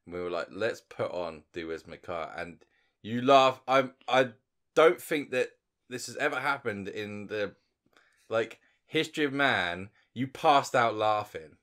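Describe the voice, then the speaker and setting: A young man co-hosting a podcast, chatting casually and telling stories in an animated way. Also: lowish voice, a little slow. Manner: animated, chatty, swearing storyteller. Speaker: podcast co-host. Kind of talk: casual chat.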